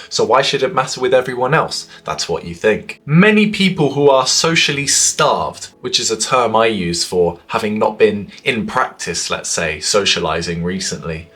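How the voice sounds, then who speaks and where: A man in his twenties speaks earnestly to the camera, offering social advice. His pitch and volume swing widely as he talks.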